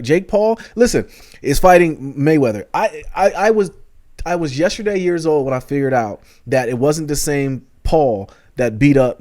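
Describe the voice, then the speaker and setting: A man's voice: medium pitch, darkish tone. A man co-hosting a podcast, telling loose, rambling stories in a casual chat. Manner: easygoing, rambling storytelling. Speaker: podcast co-host.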